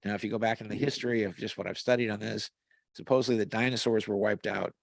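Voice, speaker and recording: Gravelly-voiced man rambling in conversation. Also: lowish voice, steady tone, fast talker, no room sound. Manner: rambling, with frequent restarts and fillers. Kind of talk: casual conversational storytelling. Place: video call. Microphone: video call mic.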